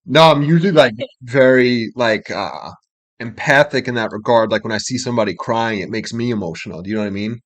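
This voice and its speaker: A man's voice: medium pitch, fairly quick. A young man co-hosting a casual reaction chat, explaining lyrics in a loose, rambling way full of fillers. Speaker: co-host explaining song lyrics.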